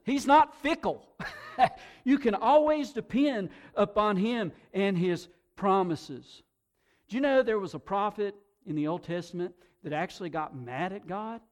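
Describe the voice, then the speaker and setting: A man preaching a sermon to a congregation, animated, often repeating words and swinging between soft and loud delivery. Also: high voice. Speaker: pastor.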